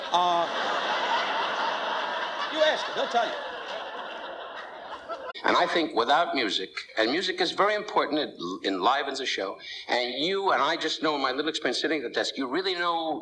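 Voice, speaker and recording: High-voiced male comic, rambling anecdotes, lively pitch, hissy old recording. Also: a little fast, poor audio. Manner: rambling, jokey storyteller with put-on quotes. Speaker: comedian telling a story. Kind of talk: anecdotal stand-up.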